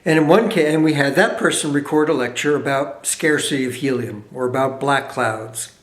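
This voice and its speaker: A man being interviewed as a researcher, explaining his studies with animated storytelling and quick asides. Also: mid-range voice, roomy sound.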